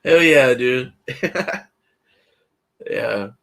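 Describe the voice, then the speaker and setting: A man in the middle of his pitch range chats easily with his viewers. He talks in a loose, slangy, laid-back way and breaks into laughs often. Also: very slow, gravelly, a bit bright. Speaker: livestream host. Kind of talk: casual chat with live chat.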